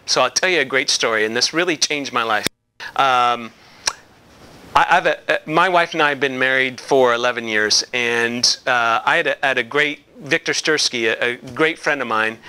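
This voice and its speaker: A man's voice: mid-range voice, bright, forceful tone, clear, resonant tone. A man giving a casual, rambling video message to his company's past clients, with many fillers and restarts.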